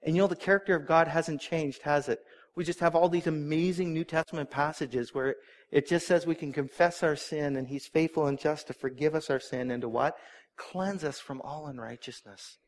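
A middle-aged man preaching a sermon, earnest and animated, with asides to the congregation. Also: fairly high pitch, a little fast. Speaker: pastor.

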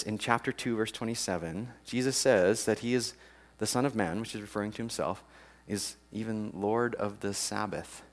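A man giving a casual, chatty sermon. He laughs often and acts out the people in the story with big jumps in pitch. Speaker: preacher.

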